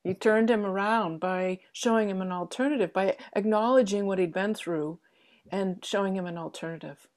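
A woman interviewer asking calm questions and summing up the answers briefly. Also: mid-range voice, moderate pace. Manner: calm, brief prompts and summaries.

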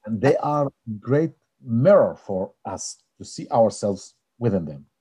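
A man from Israel, a religious leader and peace activist, telling stories in an interview in animated, hesitant, non-native phrasing. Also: mid-range voice, a little slow, husky.

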